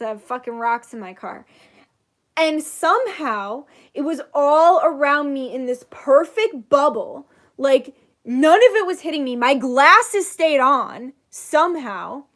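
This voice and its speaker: Young woman, high voice, casual storyteller who curses a lot and acts out quotes. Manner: animated, swears freely, acts out quotes. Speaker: channel host, psychic reader.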